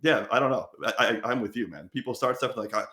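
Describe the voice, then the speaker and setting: A man's voice: mid-range voice, fast, reverberant. A man hosting a podcast in casual chat, telling stories animatedly and acting out what people said. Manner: animated storytelling, acts out quotes. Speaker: podcast host.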